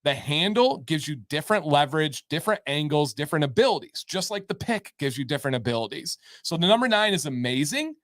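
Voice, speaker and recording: A man hosts a live-stream advice chat, reading questions and answering with upbeat emphasis. His voice sits a little high. The sound is dry and close, with little room echo. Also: lively intonation, quick pace, hardly any pauses, fairly bright tone. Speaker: show host giving beard advice.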